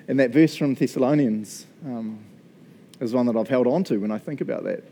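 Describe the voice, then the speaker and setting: Middle-aged New Zealand pastor, warm low tone, chatty self-mocking sermon storyteller. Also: male voice, expressive, moderate pace, a little hiss or hum.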